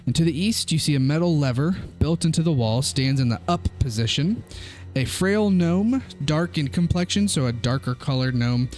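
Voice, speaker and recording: A young man acts as game master for a tabletop game, narrating in a relaxed, halting way packed with fillers. His voice is on the high side, and faint music plays in the background.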